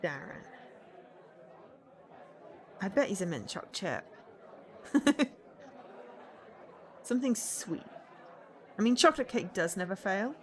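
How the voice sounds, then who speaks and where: A woman's voice: mid-range voice, big pitch swings, slow, pauses often, some chatter behind. A woman streamer reading a visual novel aloud, with playful, laughing asides.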